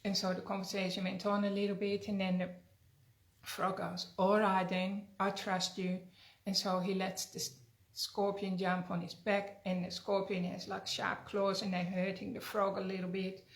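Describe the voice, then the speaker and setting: This energy healer's delivery is completely flat, at a moderate pace and a middle pitch, as she earnestly teaches and tells a fable. She speaks conversationally with frequent tag questions, and the recording has a roomy echo.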